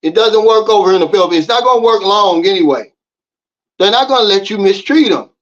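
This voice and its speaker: A man's voice: sits high, lively intonation, fairly quick, fairly bright tone. A man from the United States talking casually to his viewers, giving emphatic, preachy advice straight to camera. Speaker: vlogger. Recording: slightly dull lo-fi audio.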